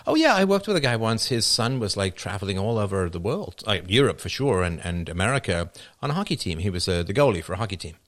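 A man with a low voice and a lively, swinging pitch hosts a live stream. He rambles through comic riffs in a casual, animated way. He often breaks into laughter at his own jokes. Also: fast. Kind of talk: casual comedic monologue.

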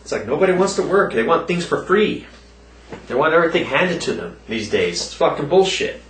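A man ranting casually to his viewers, rambling and swearing often, raising his pitch when he mimics other people. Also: very animated, brisk, a bit bright, echoey room, distant mic. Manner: rambling, swears a lot, voices quoted people in a higher pitch. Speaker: vlogger. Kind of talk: casual profane rant to viewers.

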